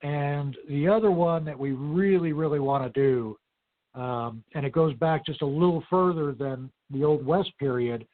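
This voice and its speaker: A man's voice: fairly high pitch, normal speed. A man, a paranormal investigator and guest, speaking in a plain, easygoing way in an interview. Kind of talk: casual interview. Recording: tinny phone-like call line.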